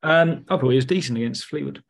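Man, casual football podcast chat, hesitant, lots of ums, mid pitch. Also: fast, creaky. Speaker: podcast co-host.

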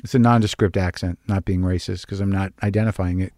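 A man's voice: low voice, steady tone, fast talker, a little mellow, no room sound, studio quality. A man hosting a podcast, delivering a rambling, wry, self-deprecating comedic monologue. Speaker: podcast host.

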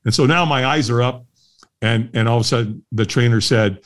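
A middle-aged man, a guest on a podcast, telling a story in a lively way and laughing often. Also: mid-range voice, a little fast. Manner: lively, laughs often, acts out the voices of others. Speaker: guest, firewalk instructor. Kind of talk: animated storytelling in a podcast interview.

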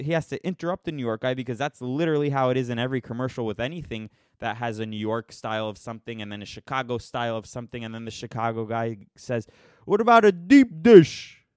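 Speaking to his audience in an offhand opinion rant, this vlogger rambles sarcastically and mocks himself along the way. The medium-pitched, smooth voice comes through a dry, studio-quality recording.

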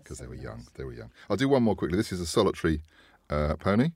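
Male host, deep voice, relaxed chatty delivery. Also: quick pace, husky, no room sound. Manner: chatty, laughs often, trails off quietly. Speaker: podcast host. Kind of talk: casual chat.

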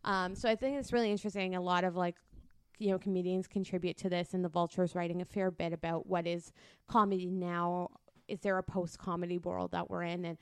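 A woman's voice: lowish voice, little pitch movement, a little fast, clear, resonant tone, no room sound, clean studio sound. A woman co-hosting a podcast in casual chat, rambling with lots of fillers and restarts. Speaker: podcast co-host.

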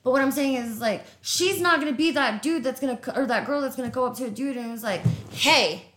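A woman's voice: sits high, quick pace, a bit bright, a little hiss or hum. A woman co-hosting a podcast in casual chat, blunt and swearing freely. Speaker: podcast co-host. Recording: roomy echo.

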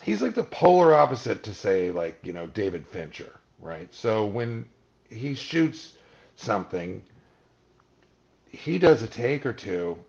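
A man's voice: on the low side, unhurried, vocal fry, highs cut off. A man guest on an interview, casually telling stories and acting out the voices of people he quotes. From Malibu, California. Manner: animated storyteller, acts out quoted voices.

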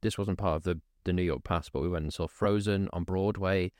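A man hosting a podcast, telling stories in casual chat with animated repetitions. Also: deep voice, brisk, dry recording, clean studio sound. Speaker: podcast host. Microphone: studio microphone.

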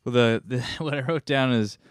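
Smooth-voiced man chatting about a movie. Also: medium pitch, moderate pace, no room sound, studio quality. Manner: rambling, hedging with "like". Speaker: podcast co-host. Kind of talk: casual movie chat.

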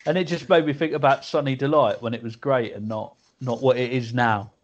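Casting: male co-host, wry and casual, average pitch, lo-fi sound. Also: fairly even intonation. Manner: wry, quick to joke. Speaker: podcast co-host. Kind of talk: casual banter. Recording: dull lo-fi sound.

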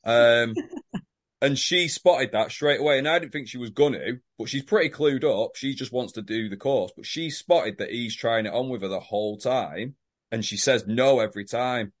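A man's voice: mid-range voice, moderate pace. A man co-hosting a podcast, teasing and correcting his co-host in sweary casual chat.

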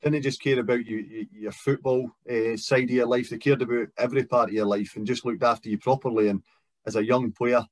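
A man's voice: medium pitch, steady tone, fairly quick, no room sound. A Scottish man in his thirties, a guest footballer talking in a casual chat, reflective and careful with many fillers. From Scotland.

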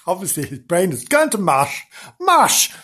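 A man's voice: fairly high pitch, sing-song, a little slow, a bit bright, husky. Giggly, playful male storyteller. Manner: playful, giggly, asides to listeners. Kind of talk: improvised comic storytelling.

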